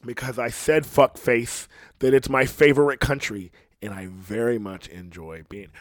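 A man hosting a casual podcast, rambling and swearing freely, swinging between loud outbursts and low muttering into a podcast microphone. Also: steady tone, normal speed, no room sound, clean studio sound. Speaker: podcast host.

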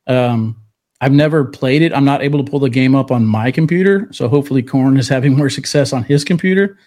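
A man's voice: medium pitch, brisk, a little mellow. Chatty male podcast co-host on a video call, mid-range voice, easy and upbeat. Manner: chatty, hypes things up, laughs between lines. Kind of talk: casual chat. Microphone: remote video call.

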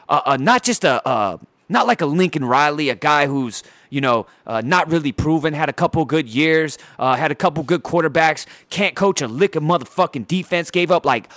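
A man's voice: high-pitched, fairly bright tone, no room sound, clean studio sound. A man at home by his TV, delivering a heated, profane and sarcastic rant about his sports team. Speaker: sports fan ranting on his channel.

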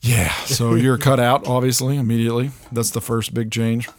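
Man, podcast co-host, animated storyteller, mid pitch, dry room. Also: normal speed, dry recording. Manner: animated storyteller, acts out quotes, swears. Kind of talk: casual chat. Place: small hot room.

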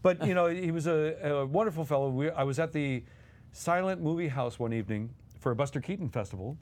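A man's voice: fairly high pitch, brisk, darkish tone. A man co-hosting as a guest, telling anecdotes animatedly and acting out quotes with laughs. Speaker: guest co-host.

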